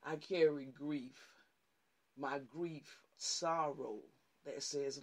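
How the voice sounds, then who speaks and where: A man's voice: fairly high pitch, level tone, slow, a little mellow. A man hosting a ministry livestream who preaches informally, repeats his phrases and slips into fervent spoken prayer. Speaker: ministry host.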